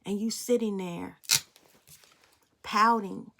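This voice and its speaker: A woman with a gravelly, creaky edge to her mid-pitched voice delivers a spiritual tarot reading. She is blunt and preachy, speaking straight at her viewers and cursing casually as she drives her point home. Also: steady tone, takes it slowly, a bit bright, a little hiss or hum. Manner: preachy, blunt and emphatic, addressing viewers directly; swears casually. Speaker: tarot reader.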